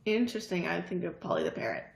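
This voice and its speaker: A woman's voice: lowish voice, huge pitch swings, fast talker, gravelly. A woman co-hosting a casual livestream, chatting and teasing playfully. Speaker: livestream co-host. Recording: echoey room.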